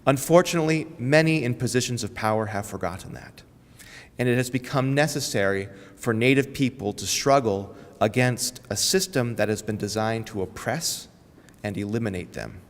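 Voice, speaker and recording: A man delivering a prepared speech at a press conference, solemn and measured, with rhetorical repetition. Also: mid-range voice, slight background noise. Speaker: community speaker. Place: press conference in a large hall. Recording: long hall reverb.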